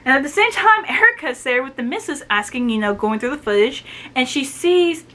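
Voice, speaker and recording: A woman casually recapping a novel's plot, retelling scenes with quick asides and quoted dialogue. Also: high-pitched, expressive, bright, forceful tone. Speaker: book reviewer.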